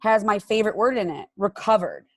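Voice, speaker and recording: A middle-aged woman hosting a casual recovery podcast, chatty and animated as she tells stories. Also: mid-range voice, brisk, dry recording, clean studio sound. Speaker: podcast host and sponsor.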